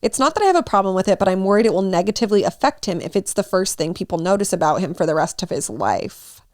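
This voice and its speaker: A woman's voice: medium pitch, lively intonation, quick pace, darkish tone, no echo, studio quality. A young woman co-hosting a podcast, reading a story aloud and chatting casually with swearing and laughter. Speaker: podcast co-host.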